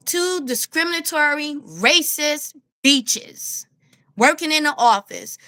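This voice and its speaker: A woman with a New York accent ranting to camera as a street vlogger, animated and blunt, laughing as she tells her story. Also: high voice, takes it slowly. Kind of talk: casual rant to camera.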